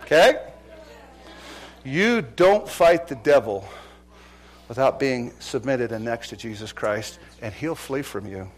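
A middle-aged male pastor preaching a sermon, swinging from loud exhortation to hushed, earnest appeals. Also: mid-range voice, expressive, slow, pauses often.

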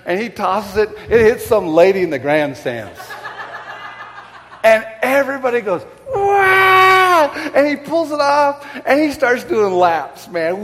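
Guy preaching a sermon, kinda high voice, tells stories all animated, echoey big hall. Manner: animated storytelling, emphatic repetition. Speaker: pastor.

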